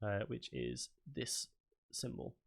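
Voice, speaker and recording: A man at mid pitch guiding a tabletop session as dungeon master. He narrates casually, with frequent pauses and fillers. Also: fairly even intonation, gravelly. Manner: loose, filler-heavy narration.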